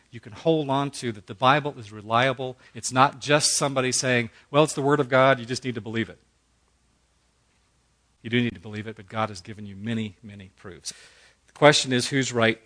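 His tone fairly bright and his pitch medium, a middle-aged man leads a Bible study. The style is earnest, folksy, conversational preaching, with quotes acted out as he goes.

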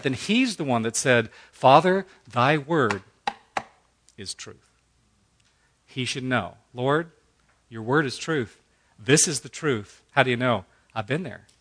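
Teaching a Bible study, a middle-aged man preaches conversationally in an earnest, folksy way, acting out quotes along the way. His voice is medium in pitch and a bit bright.

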